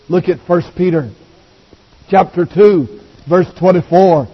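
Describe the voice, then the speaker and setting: High voiced preacher guy going slow, swinging loud to hushed, dull old recording. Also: slightly rough. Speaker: pastor. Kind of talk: sermon. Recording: dull recording with long hall reverb.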